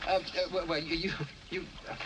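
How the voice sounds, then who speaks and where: A man's voice: a little high, little pitch movement, brisk, close to an everyday voice. An actor playing a naive, flustered young man who stammers nervously, in an old film. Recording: noisy old film soundtrack.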